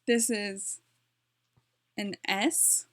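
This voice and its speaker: A woman's voice: medium pitch, fairly even intonation, extremely slow, fairly bright tone, slight background noise. A woman giving a casual home tutorial, chatty and correcting herself as she types, with her dog nearby. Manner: chatty, self-correcting, talks while typing. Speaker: language learning vlogger.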